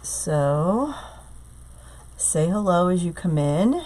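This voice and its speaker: A hoarse middle-aged woman leads a live craft demo at an unhurried, easy pace. She keeps greeting viewers by name between steps. Her voice sits a little low. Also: big pitch swings, a little mellow. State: hoarse from a cold. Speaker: craft tutorial host. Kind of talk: live-streamed craft tutorial chat. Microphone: tablet streaming live.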